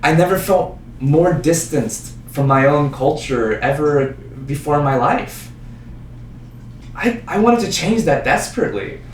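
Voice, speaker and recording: With a fairly high, slightly slow voice, a young man performs an animated, self-deprecating monologue alone on a small stage. The recording catches roomy, distant stage sound, faint ambience and a little hiss or hum.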